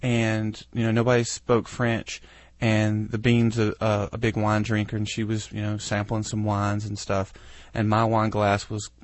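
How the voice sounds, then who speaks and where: Southern guy hosting a podcast, lowish voice, rambling funny stories about himself, dry close mic. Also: monotone, a little slow, dry recording. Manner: rambling storyteller, self-deprecating. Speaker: podcast host. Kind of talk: casual podcast chat.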